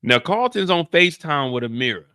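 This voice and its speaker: A man hosting a casual TV recap, talking in an animated, slangy and joking way. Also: on the high side, brisk, no room sound, clean studio sound. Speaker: show host.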